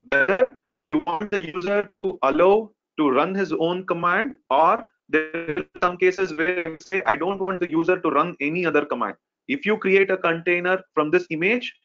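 A man's voice: high voice, a bit bright. Lecturing man on a lo-fi call. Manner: explains step by step, many fillers like "okay" and "right". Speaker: instructor. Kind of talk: live online technical lesson. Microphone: video call. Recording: dull lo-fi call audio.

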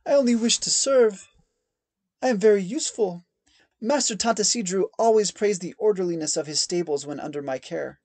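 A man's voice: high voice, moderate pace, darkish tone, no echo, pitched above the performer's own voice. A man voicing a frightened, groveling male stable hand who pleads desperately. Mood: pleading.

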